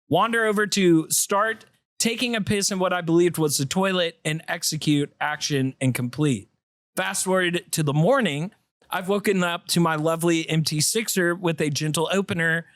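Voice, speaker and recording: A man with a fairly high voice reads a listener's letter aloud with animated, comic flair. The close studio mic gives a dry, intimate sound with no room echo. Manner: animated storytelling, breaks into laughter. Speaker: podcast co-host. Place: podcast studio.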